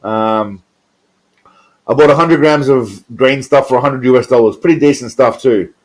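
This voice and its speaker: A man's voice: mid-range voice, moderate pace, poor audio. Crude, chatty Australian man streaming. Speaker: streamer reacting to viewer comments. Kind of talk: casual live-stream chat.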